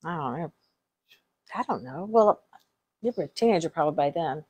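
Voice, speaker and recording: A woman's voice: deep voice, animated, a little fast, a little mellow, slightly rough, dull audio. A middle-aged woman co-hosting a casual chat, telling family stories with frequent laughter and restarted sentences. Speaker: podcast co-host.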